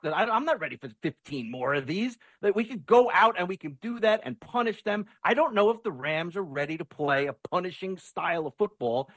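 A man talking sports casually and excitedly, often repeating words as he starts a thought. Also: sits high, brisk, hardly any pauses, dry recording. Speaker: sports radio guest.

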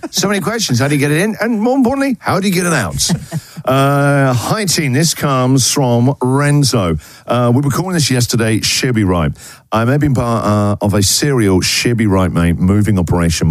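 A man's voice: lowish voice, dry recording, studio quality. A man hosting a breakfast radio show in casual chat, reading a listener's story aloud and laughing along. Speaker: radio host. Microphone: studio microphone.

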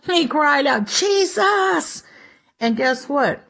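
A woman's voice: sits high, a little slow. A woman giving a conversational Bible teaching, chatty and acting out everyday quotes. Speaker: preacher.

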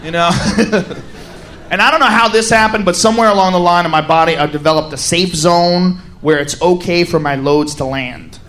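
A young man performing a crude stand-up routine on a handheld mic, lively and animated, breaking into loud shouts. His voice sits high for a man. Steady noise fills the live venue around him. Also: normal speed. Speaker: stand-up comedian. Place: comedy stage before a live audience.

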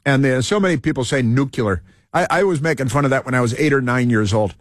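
A man's voice: mid-range voice, quick pace, dry recording, studio quality. A man hosting a talk show, rambling through an opinion monologue with many fillers and restarts. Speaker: radio talk show host.

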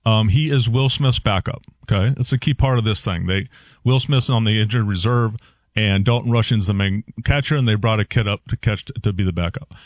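A man's voice: fairly low pitch, brisk, no room sound. Male radio producer, chatty explainer, lots of ums, dry studio sound. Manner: rambling, explanatory, with fillers. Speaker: executive producer and show regular. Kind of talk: sports talk radio.

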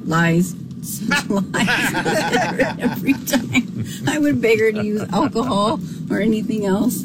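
A woman's voice: mid-range voice, heavy background noise. A woman caller from Arizona leaving a chatty, laughing voicemail, telling a story with feeling. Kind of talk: recorded voicemail message.

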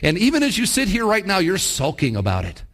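A man's voice: high voice, huge pitch swings, brisk, a bit bright. Man preaching a sermon to his congregation. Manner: preaching directly to the congregation, with rhetorical questions and acted-out quotes. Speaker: pastor. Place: church service.

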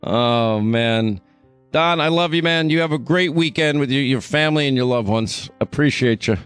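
A man hosting a call-in radio show, talking fast with stammering restarts and a slight New York accent. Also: medium pitch, fairly bright tone, clear, resonant tone, faint music behind. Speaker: radio talk show host.

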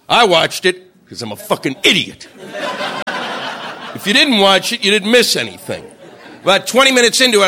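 Male stand-up comic, high and lively, bright forceful voice. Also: slight background noise. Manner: animated, shouts quoted voices, profane. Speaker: stand-up comedian. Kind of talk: stand-up routine.

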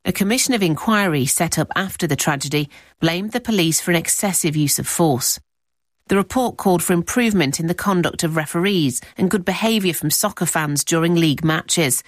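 A woman reporter reading scripted narration in a measured, even way. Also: on the low side, no echo, studio quality.

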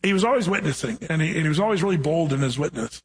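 A man preaching a sermon in a casual, storytelling way, reading scripture slowly and then chatting about it. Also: fairly high pitch, expressive. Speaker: pastor.

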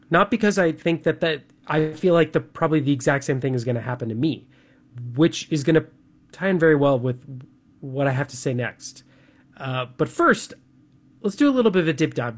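A young man co-hosting a talk show, chatting casually and animatedly, with plenty of filler words. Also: fairly high pitch. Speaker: radio show co-host.

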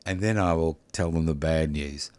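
A man's voice: rumbling low, moderate pace, a little mellow, no echo, clean studio sound. An Australian man co-hosting a radio talk show, joking and mock-outraged in sarcastic banter. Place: radio studio.

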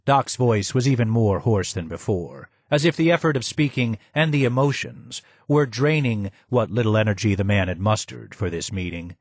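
A man narrating an audiobook in a steady, measured reading. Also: fairly low pitch, no room sound.

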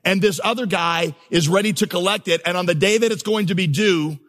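A man's voice: sits high, a little fast, a bit bright. A man preaching a sermon as pastor, telling stories with humor and building to emphatic, impassioned crescendos. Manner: storytelling, humorous asides.

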